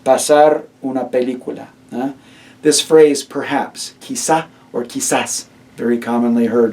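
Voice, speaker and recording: A man's voice: medium pitch, a little mellow, distant mic. A man teaching Spanish vocabulary in a recorded lecture, chatty and encouraging, quizzing his students as he goes.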